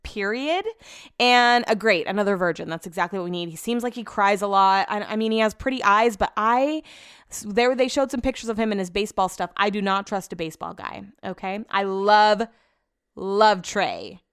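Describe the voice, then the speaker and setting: Young woman podcaster, opinionated and snarky, smooth clear voice, dry close sound. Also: mid-range voice, moderate pace, fairly bright tone, dry recording. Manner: chatty, opinionated, sarcastic asides. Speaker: podcast host. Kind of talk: casual chat recap.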